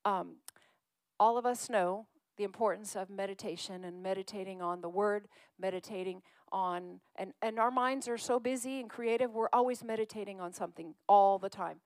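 A woman's voice: medium pitch, moderate pace, no echo. A woman preaching a conversational sermon who coaxes her listeners to call out scriptures.

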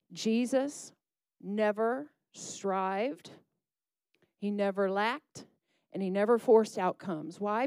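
Lady preacher, warm mellow voice, punchy rhythmic sermon delivery, dry close sound. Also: mid-range voice, dry recording. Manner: emphatic, rhythmic preaching with call-and-response asides.

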